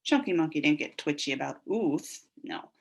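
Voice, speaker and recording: A woman teaching a phonics lesson to young children, stretching out sounds in an animated sing-song way. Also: sits low, moderate pace, gravelly, slightly rough.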